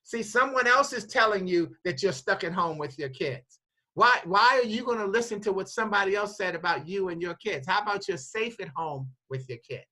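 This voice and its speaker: A woman hosting a casual inspirational chat who tells animated stories, often repeating her words and laughing while she tells them. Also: mid-range voice, fairly quick, low-quality recording. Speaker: host.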